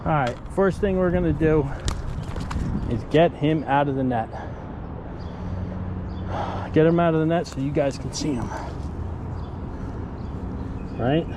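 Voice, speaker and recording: Man, fishing vlogger, slow unhurried talk, fairly high voice, outdoor noise behind, riverbank. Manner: addresses viewers as guys, coaching and explaining. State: out of breath. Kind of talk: live play-by-play commentary.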